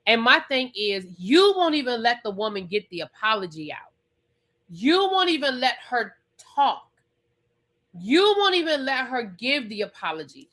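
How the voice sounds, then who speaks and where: A woman's voice: fairly high pitch, sing-song, normal speed, fairly bright tone. A woman vlogger recapping a reality show in casual chat, emphatic and repetitive, swearing freely. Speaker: TV review vlogger.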